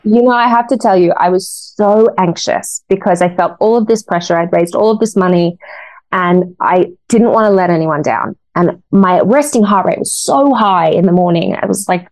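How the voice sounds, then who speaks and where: A woman's voice: on the low side, normal speed, darkish tone, no echo. A woman in her thirties, a guest in an interview, telling a personal story in an earnest, emotional way. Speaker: guest, actress. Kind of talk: casual interview talk.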